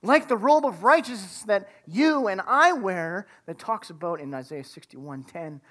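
A woman preaching a sermon, retelling a story dramatically and dropping to a hush for emphasis. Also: mid-range voice, very animated, unhurried, hardly any pauses. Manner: dramatic retelling, acting out the characters' lines.

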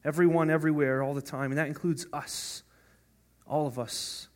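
A man's voice: fairly high pitch, steady tone, normal speed, darkish tone. A man preaching a sermon as pastor in a conversational way, often asking "right?" and restarting his words. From North America.

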